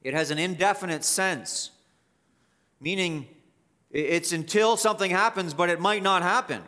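A man's voice: sits high, moderate pace, bright, forceful tone. A male pastor preaching an expository sermon, emphatic and repetitive, rising sharply to stress key points.

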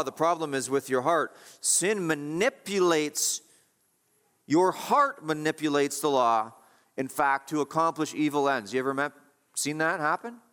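A man's voice: fairly high pitch, fairly bright tone. A man preaching a sermon as pastor, asking rhetorical questions and repeating his points with emphasis. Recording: long hall reverb.

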